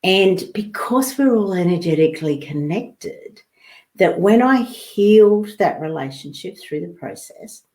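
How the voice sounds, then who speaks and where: A woman's voice: lowish voice, animated, a little slow, a little mellow. A woman hosting a live online talk, chatting loosely and reading out viewer comments, rambling with fillers and restarts. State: coughing and sneezing at times.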